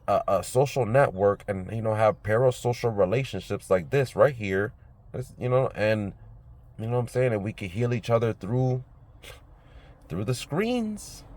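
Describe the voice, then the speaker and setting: A man talking to his phone camera in an outdoor park by the water, in a relaxed, rambling vlog full of fillers. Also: on the low side, slight background noise. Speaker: vlogger.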